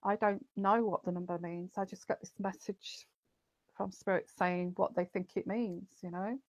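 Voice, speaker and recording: A woman's voice: medium pitch, steady tone, moderate pace, no echo. A woman hosting a psychic livestream, chatting casually and greeting viewers by name with plenty of ums and uhs.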